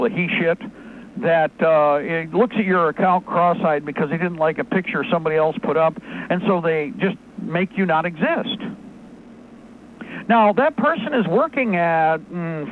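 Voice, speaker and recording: A male talk radio host rants in a sarcastic, rapid-fire monologue, his high voice swinging widely in pitch. The sound is narrow and phone-like, with a faint hiss beneath it. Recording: tinny phone-line audio, faint noise.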